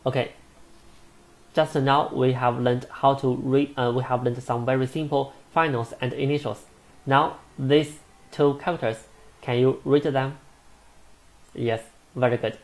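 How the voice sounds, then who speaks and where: A man teaching a beginner language lesson, speaking slowly and deliberately and modeling each sound. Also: medium pitch, fairly even intonation.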